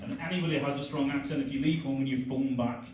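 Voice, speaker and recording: A middle-aged man from Northern Ireland, speaking with a Northern Irish accent, delivers a crude, self-mocking stand-up routine at a comedy club. His voice is medium-pitched, a little mellow, fast, and fairly even in intonation. The echoey recording comes from afar, with a little hiss or hum and crowd laughter.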